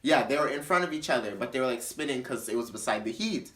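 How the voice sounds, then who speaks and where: A young man casually telling a story, animated and slangy, repeating words for emphasis. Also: medium pitch, quick pace. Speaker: storyteller host.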